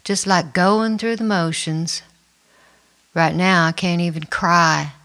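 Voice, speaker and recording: A middle-aged woman narrating her own life story in the first person, quiet and reflective. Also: lowish voice, fairly even intonation, slow. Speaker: memoir narrator. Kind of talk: first-person memoir reading.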